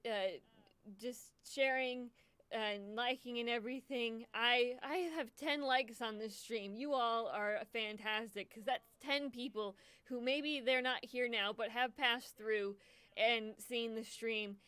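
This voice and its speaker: A woman's voice: on the high side, fairly even intonation, slow, a bit bright, clean tone, no echo. A young woman hosting a charity livestream, emotional and choked up, stammering and repeating herself as she talks casually to her viewers. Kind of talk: casual live stream chat.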